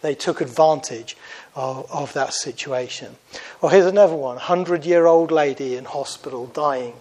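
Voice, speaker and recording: A man preaching a sermon in an earnest, conversational way, getting louder and softer for emphasis. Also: a little high, moderate pace, low-quality recording.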